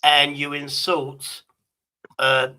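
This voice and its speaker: A man's voice: a little high, monotone, extremely slow, pushed and bright, rough recording. A man hosting a stream in casual chat, crude, joking and rambling. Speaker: streamer host.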